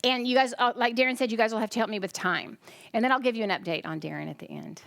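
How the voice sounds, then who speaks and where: In clean studio quality with no echo, a tired American woman preaches a chatty sermon in a high, gravelly, slightly bright voice. She talks fast, interrupts herself, and frequently asks the congregation questions.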